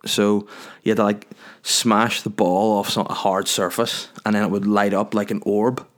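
A man's voice: fairly low pitch, little pitch movement, normal speed. A young man rambling through a crude, self-deprecating comic story.

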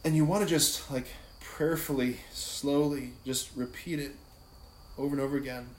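With a steady tone and moderate pace, a mid-range male voice teaches about prayer the way a priest might in casual conversation. He keeps tossing in "like" and "right?", and the space is echoey with a faint hum of background noise.

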